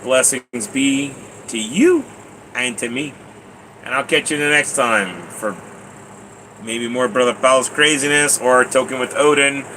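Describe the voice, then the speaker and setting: A man chatting casually on a live stream, rambling and excitable, often laughing. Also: medium pitch, measured pace, slight background noise, low-quality recording.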